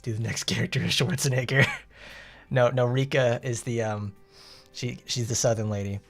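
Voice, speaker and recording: Chill guy streaming, reads the game story and rambles, mid pitch, light music behind. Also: normal speed. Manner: relaxed, chatty, self-interrupting. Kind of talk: casual game commentary and story reading.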